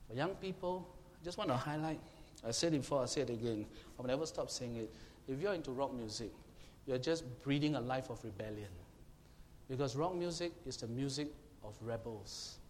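A man preaching a sermon, emphatic and questioning his congregation, now and then shouting to make a point. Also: medium pitch, fairly quick. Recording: long hall reverb, faint room noise.

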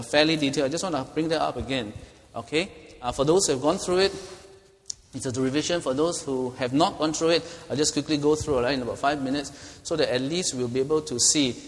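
A man's voice: a little high, fast talker. A middle-aged man, teaching a Bible study as pastor in a conversational way, often checking in with "okay?". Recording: long hall reverb.

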